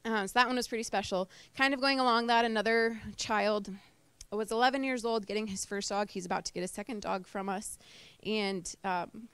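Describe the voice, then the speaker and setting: A woman's voice: medium pitch, a little fast, a bit bright, clean tone, no room sound. A woman who trains service dogs gives an informal talk to a small group, chatty and emotional, with many fillers. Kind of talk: informal presentation to a live group. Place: indoor talk to a small audience.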